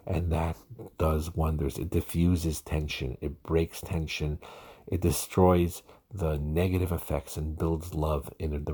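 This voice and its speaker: Male marriage counselor, very deep and husky, earnest, repeats for emphasis. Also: warm tone. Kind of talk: podcast lecture on marriage.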